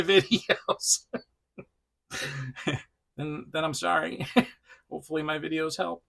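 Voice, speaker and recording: A man's voice: on the high side, fairly even intonation, unhurried, creaky, long pauses, sharp tone. A man hosting a casual toy review vlog, rambling with lots of laughs and fillers, chatting to the action figure he is showing off. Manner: frequent fillers and self-restarts. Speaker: toy reviewer, channel host. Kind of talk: casual unscripted vlog chat.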